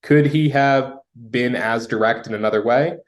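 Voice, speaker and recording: A young man from the United States, a sales guest telling a story in a relaxed, casual interview manner with frequent fillers. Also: mid-range voice, normal speed.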